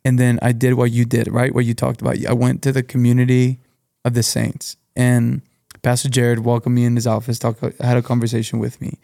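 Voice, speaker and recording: A young adult man, a pastor, sharing a story in casual conversation in a steady, reflective way. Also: mid-range voice, brisk, creaky, dry recording, studio quality.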